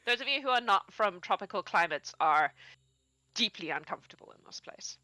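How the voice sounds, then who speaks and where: A woman's voice: mid-range voice, expressive, fairly quick, bright, forceful tone, no echo. A woman running a tabletop game as game master, chatty and laughing, sometimes searching for words.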